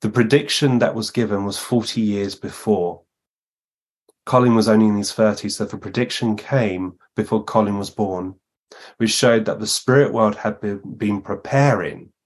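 A man serving as a guest medium spins long anecdotes in conversation, voicing the lines of the people he quotes. His voice sits on the low side, with fairly even intonation and a normal speed.

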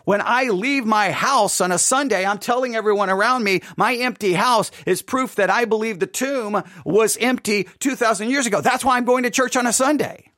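A man's voice: high-pitched, normal speed, hardly any pauses, pushed and bright, dry recording, studio quality. A man giving an earnest late night devotional talk as a pastor, repeating and correcting himself as he goes. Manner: earnest, repetitive, self-correcting.

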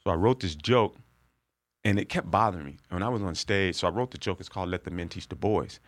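A middle-aged man, a comedian, telling a profane story with loud bursts of laughter on a podcast. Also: deep voice, fast talker, no room sound. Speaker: comedian guest.

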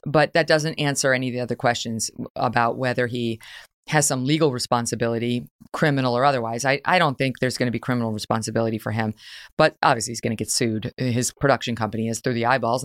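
A middle-aged woman hosting a talk show, giving blunt, opinionated commentary with quick asides. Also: extremely low pitch, no echo, clean studio sound. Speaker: podcast host.

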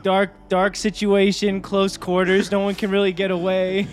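Man, high voice, joking banter, tabletop players, faint music. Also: monotone, normal speed.

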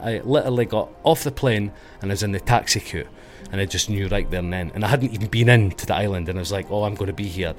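A middle-aged Scottish man talking quickly in a low voice, as a guest in a casual interview. He tells his stories in a rambling way and often corrects himself mid-sentence. Faint music plays behind him. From Scotland. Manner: rambling storyteller, self-correcting.

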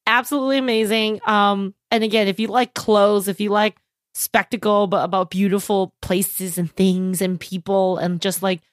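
A woman's voice: medium pitch, normal speed, no room sound, studio quality. A woman hosting a casual chat podcast, talking bluntly and with a lot of swearing. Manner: blunt and profane, lively.

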